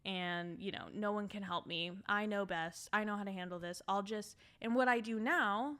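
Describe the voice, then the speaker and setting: A woman's voice: medium pitch, moderate pace, fairly bright tone. A woman hosting a podcast, talking casually and frankly about herself, self-deprecating and swearing freely. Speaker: podcast host. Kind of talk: casual candid chat.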